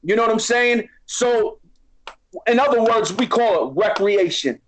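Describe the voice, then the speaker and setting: Guest, middle-aged Boston man, high voice, tough street talk with a preaching lilt. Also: lively intonation, measured pace, a bit bright, poor audio. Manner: streetwise, preachy, keeps asking "you know what I mean?". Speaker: podcast guest. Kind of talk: casual chat.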